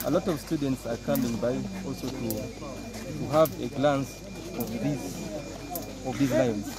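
A man's voice: mid-range voice, a little slow, a loud crowd. Ugandan man guiding a zoo tour. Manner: explanatory, repeats key points, asks "okay?" often. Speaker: tour guide. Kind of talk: guided tour explanation. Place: outdoors at a zoo. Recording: noisy outdoor recording. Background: outdoor ambience, animal sounds.

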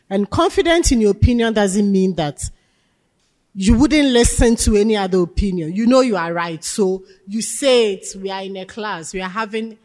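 In a lecture hall with a long reverberant tail, a woman from Ghana teaches leadership, emphatic and asking questions of her class. Her voice is mid-range and a little mellow.

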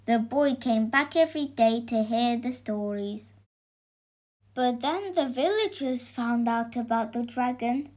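Woman slowly reading a children's story. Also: fairly high pitch, darkish tone. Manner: slow and clear. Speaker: narrator.

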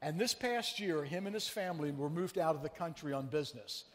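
A man preaching a sermon as pastor, telling a story in a chatty, animated way and teasing his congregation. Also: fairly high pitch, a little fast, in a large hall, slight background noise. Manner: conversational, animated storyteller who teases the congregation. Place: church sanctuary.

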